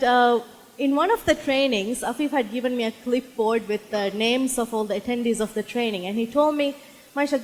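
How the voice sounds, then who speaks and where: A woman giving a motivational conference speech from a stage, telling personal stories in a conversational way. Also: fairly high pitch. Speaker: speaker at a speakers' summit. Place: stage in a hall. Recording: long hall reverb.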